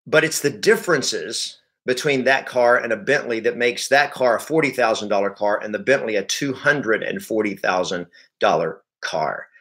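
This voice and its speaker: A man leading a live sales training session, energetic and emphatic, repeating key points and speaking straight to his audience. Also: on the low side, moderate pace. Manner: addresses the audience directly. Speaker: real estate sales coach.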